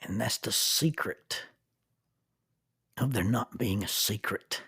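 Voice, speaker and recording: A man in his sixties, a minister, hosting a reflective podcast in an earnest manner, dropping to soft near-whispers for emphasis. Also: on the low side, slow pace, husky, no echo, studio quality.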